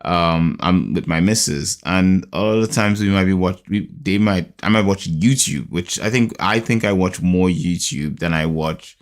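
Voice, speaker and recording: This UK man hosts a podcast, chatting casually and rambling with many fillers in a groggy morning voice. His low voice moves at normal speed with few pauses.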